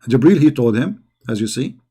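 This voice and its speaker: A man's voice: medium pitch, expressive, moderate pace, dark tone, breathy edge. A man giving a combative, mocking polemic monologue as a religious debater, speaking in broken English.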